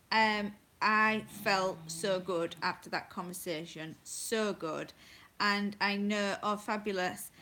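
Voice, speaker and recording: A woman's voice: mid-range voice, sharp tone, a little hiss or hum. A woman hosting a casual livestream on her phone from home at night, chatty and apologetic, greeting viewers by name. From England. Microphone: phone held close.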